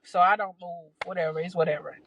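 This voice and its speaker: A young adult woman hosting a podcast, telling a story in a casual, animated, profane way, with many restarts and exasperated asides. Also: fairly low pitch, fast, slight background noise, low-quality recording. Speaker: podcast host.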